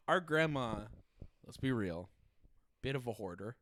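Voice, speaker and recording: A man's voice: medium pitch, lively intonation, slow pace, a bit bright, a little hiss or hum. A young man hosting a podcast, chatting casually, swearing freely and laughing often. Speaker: podcast host. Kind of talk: casual chat.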